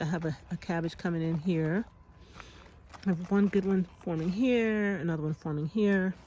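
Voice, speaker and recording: A woman in her thirties, a homestead vlogger, talks her viewers through her backyard garden in a chatty, sighing way, calling them y'all. Her pitch is fairly low and her voice mellow, and there's slight background noise in this casual garden vlog.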